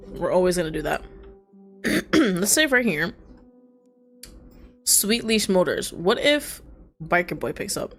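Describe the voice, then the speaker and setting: A woman streamer reading a story game aloud with live commentary, expressive and casually swearing. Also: fairly low pitch.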